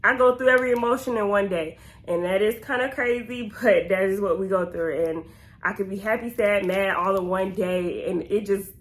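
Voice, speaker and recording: A woman's voice: mid-range voice, moderate pace. A woman, talking to her viewers in a candid, slangy get-to-know-me Q&A. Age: 20s. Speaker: vlogger.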